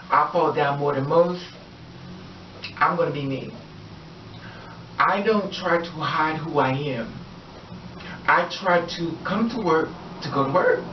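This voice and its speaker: A woman's voice: low voice, a little hiss or hum. A woman vlogger ranting in a heated, profane and emphatic way. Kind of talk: personal vlog rant. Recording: echoey, distant, dull-sounding room recording.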